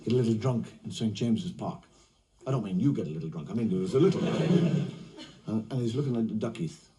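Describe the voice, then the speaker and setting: Wry comedian telling jokes. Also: male voice, lowish voice, lively intonation, quick pace, dark tone, recorded from a distance. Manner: wry, conversational, relishing punchlines. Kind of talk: stand-up storytelling.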